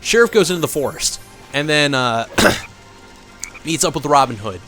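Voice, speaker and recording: A man's voice: on the high side, animated, moderate pace, a bit bright, soft background music. A man doing casual let's play commentary, rambling through a story with many fillers and swearing at the game now and then.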